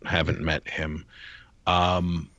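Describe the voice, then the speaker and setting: A man's voice: sits low, level tone, slow, a bit bright, no echo, dull audio. A man co-hosting a podcast, chatting casually and rambling through his stories with restarts. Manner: rambling, many restarts and fillers. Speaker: podcast co-host. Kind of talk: casual chat.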